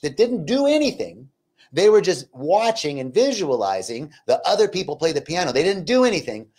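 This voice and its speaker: A man's voice: medium pitch, darkish tone. A man giving an inspirational spiritual talk, then leading a guided gratitude meditation with fervent, repeated affirmations. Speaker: spiritual teacher. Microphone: livestream.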